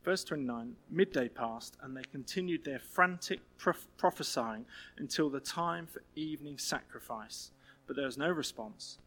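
A man preaching a sermon in a lively, humorous, conversational way. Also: medium pitch, normal speed.

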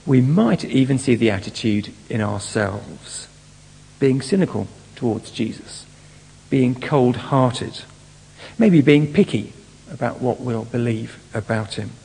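A man's voice: medium pitch, lively intonation, unhurried, vocal fry, warm tone, husky. A man preaching a sermon, working through a Bible passage and putting rhetorical questions to his congregation. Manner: acts out mocking voices in quotes. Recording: long hall reverb.

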